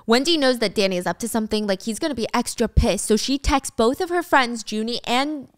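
A young woman hosting a podcast who retells a show as a storytime, lively and casual, with some swearing. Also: on the high side, a little fast, smooth, no echo, studio quality. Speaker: podcast host.

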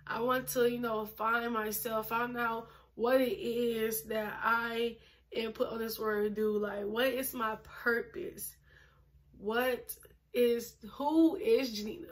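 A chatty young woman in her twenties vlogging straight to camera, her voice sitting a touch high. She talks casually and emphatically, leaning on fillers, and is a little short of breath from pregnancy. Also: level tone, slow. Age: 20s. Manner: chatty, emphatic, uses lots of fillers and laughs.

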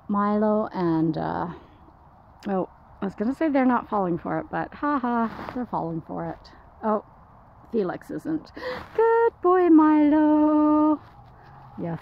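A woman's voice: a little slow, creaky, dull audio, a little hiss or hum. A woman dog sitter talking to the camera on an outdoor trail walk, rambling and chatty. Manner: rambling, chatty, calls dogs in high excited voice. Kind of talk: casual walking vlog.

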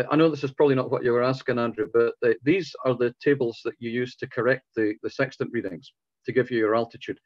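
A man with a hoarse, failing voice, patiently explaining to a club over a video call, often restarting his sentences. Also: mid-range voice, dry recording, muffled recording. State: hoarse, voice going. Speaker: club speaker. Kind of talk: informal talk answering questions.

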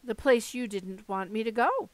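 A woman's voice: on the high side, lively intonation, normal speed, dry recording, natural voice. A woman voicing a blunt, startled young boy who questions everything, in an audiobook reading. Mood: incredulous. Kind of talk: audiobook character voice.

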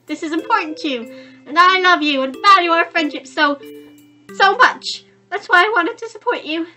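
A woman's voice: very high-pitched, bright, forceful tone, soft background music, heavily acted. A woman reading the lines of a young woman's devoted best friend, earnest and tender, in a visual novel. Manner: earnest, tender, halting confession. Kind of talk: visual novel read-aloud.

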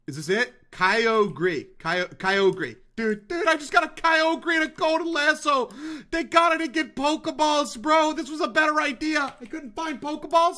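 A hyper male gaming YouTuber with a very high, sharp, bright voice that swings all over the place. He narrates his play loudly and excitably, repeating himself and calling his viewers dudes. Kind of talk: excited let's-play commentary.

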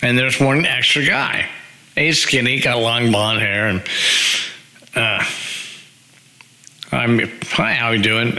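A man's voice: mid-range voice, bright, forceful tone, rough recording. A man in his sixties, a former rock band singer, tells a rambling anecdote with wry humor and acts out other people's lines in raised voices. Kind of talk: casual anecdotal storytelling.

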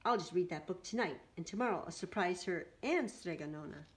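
A woman's voice: on the low side, animated, brisk, slight background noise, lightly acted. A woman voicing a clumsy young man disguised as a girl, talking in a whiny, pleading, sobbing way in a read-aloud storybook. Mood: sly.

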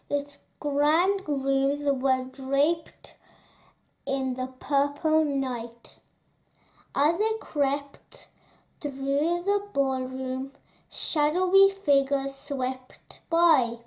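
A woman reads a children's story aloud, taking her time over each phrase. Her voice sits high and the delivery is expressive and gentle. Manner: slow, expressive narration. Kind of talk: children's book read-aloud.

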